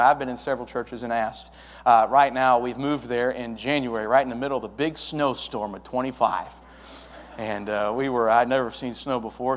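A young man planting a church, telling his story to a congregation in a folksy way and acting out the dialogue. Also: medium pitch. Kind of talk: testimony to a congregation. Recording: long hall reverb.

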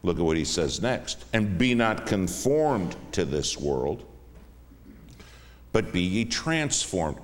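A man preaching a sermon as a guest in a church, emphatic, swinging between hushed and raised lines. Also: deep voice, very animated, slow. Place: church sanctuary. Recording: long reverb of a church hall.

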